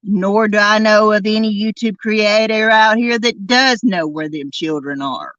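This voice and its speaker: A woman hosting a true crime podcast, delivering an indignant, emphatic monologue and drawing out key words slowly. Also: medium pitch, fairly bright tone, no room sound, lo-fi sound. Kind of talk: angry commentary monologue.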